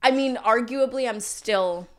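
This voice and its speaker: Easygoing young woman, quick to laugh. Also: on the high side, a little hiss or hum. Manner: relaxed, laughs easily, short reactions. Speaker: podcast co-host. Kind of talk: casual chat.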